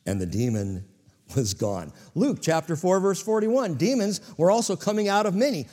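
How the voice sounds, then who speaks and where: A man's voice: mid-range voice, animated, brisk, a little mellow, long reverb tail. A man preaching a sermon as pastor to a church congregation, with dramatic swings in volume.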